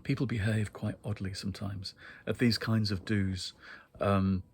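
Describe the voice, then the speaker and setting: A man's voice: fairly low pitch, fairly even intonation, unhurried, creaky, a little mellow, a little hiss or hum. A man from northeast England, hosting a show and telling wry, chatty stories about book events. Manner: chatty, wry, frequent laughs and ums. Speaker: host. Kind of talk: casual anecdotal monologue.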